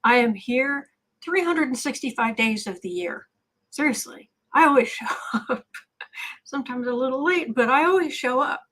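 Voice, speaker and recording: Woman, livestream host, a little high, husky, chatty and blunt. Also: expressive, fairly bright tone. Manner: chatty, fast-talking and blunt. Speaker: tarot reader and livestream host. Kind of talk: casual livestream chat.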